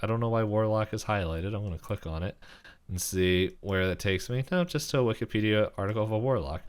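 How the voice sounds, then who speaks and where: A young man co-hosting a podcast with a smooth, slightly low voice. He rambles through an episode recap in an easy, chatty way, laughing as he goes. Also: quick pace. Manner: rambling, many fillers, laughs while talking. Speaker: podcast co-host. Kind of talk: casual episode recap chat.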